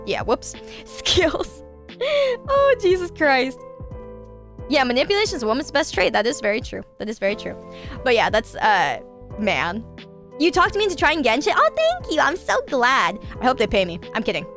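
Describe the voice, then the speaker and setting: A woman's voice: sits high, wildly swooping pitch, moderate pace, a bit bright, faint music behind. A woman hosting a casual stream show, chatting and reading listener stories while gushing and laughing often. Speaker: streamer hosting a call-in style radio show.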